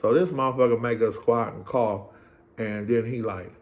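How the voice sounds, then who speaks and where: A middle-aged Californian man tells a story in casual, profane slang, voicing the people in it and repeatedly checking in with "right?". His voice is medium-pitched and steady, with a moderate pace and a somewhat dark tone.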